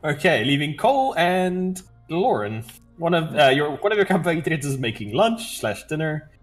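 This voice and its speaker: A man's voice: fairly high pitch, sing-song, normal speed, faint music behind. A man narrating as game master in a tabletop game, casual and laughing, with some swearing.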